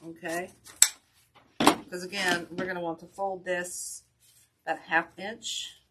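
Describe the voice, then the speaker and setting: A woman's voice: lowish voice, takes it slowly. A woman hosting a casual craft tutorial, tired and self-deprecating as she chats with viewers. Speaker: wreath-making channel host. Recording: steady background noise.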